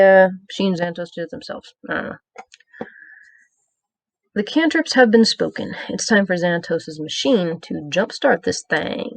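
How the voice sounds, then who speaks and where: A woman's voice: fairly low pitch, dry recording. A woman reading aloud her own episode review, summing up the plot with dry, joking asides and small hesitations. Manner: wry, joking asides between plot summary; reads from a script with small hesitations. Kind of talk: read-aloud review with commentary.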